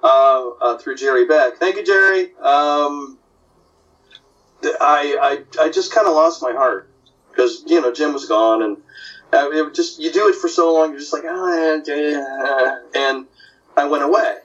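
Older man, animated storyteller, distant dull sound. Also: on the high side, moderate pace. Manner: animated, puts on voices in anecdotes. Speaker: comic artist guest. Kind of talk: casual storytelling.

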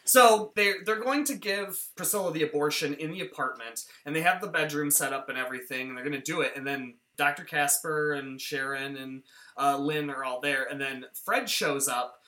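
A man's voice: fairly high pitch, moderate pace, pushed and bright. A man co-hosting a podcast, casually retelling film scenes in a rambling way. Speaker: podcast host.

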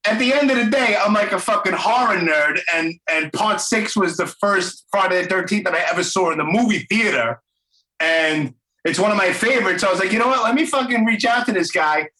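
A man's voice: high-pitched, lively intonation, a little fast, pushed and bright, reverberant, low-quality recording. A podcast host from Brooklyn, laid-back and profane, chatting casually with his guest. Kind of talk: casual interview.

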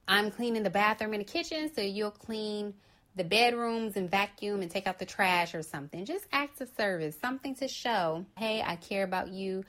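A young adult woman hosting her own podcast, talking casually and calmly to listeners and acting out little quoted lines. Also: medium pitch. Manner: calm, chatty, acts out quoted lines. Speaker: podcast host. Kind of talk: casual solo talk.

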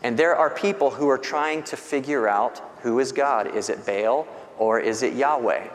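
A man's voice: medium pitch, moderate pace. Man preaching a storytelling sermon in a reverberant hall. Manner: storytelling, animated when retelling scripture. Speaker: pastor. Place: church sanctuary.

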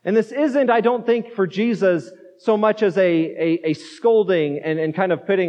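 A man with a fairly high voice preaches to his congregation, talking through the point conversationally and leaning on rhetorical questions. His voice hangs in the long reverb of a church sanctuary, and the recording sounds muffled and low in fidelity. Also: normal speed, a little mellow. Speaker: pastor. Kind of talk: sermon.

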